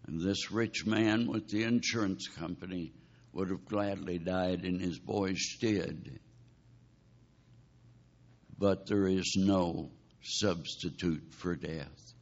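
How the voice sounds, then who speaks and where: A man's voice: deep voice, slow pace. A man preaching a sermon, telling a dramatic story and pleading with his listeners. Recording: dull lo-fi recording.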